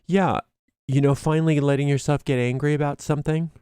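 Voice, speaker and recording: Man, tarot reader, mellow dark tone, dry close sound, animated, acts out quotes. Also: a little high, fairly quick, smooth, no room sound. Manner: animated, acts out quoted voices, laughs, restarts often. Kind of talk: daily tarot reading monologue.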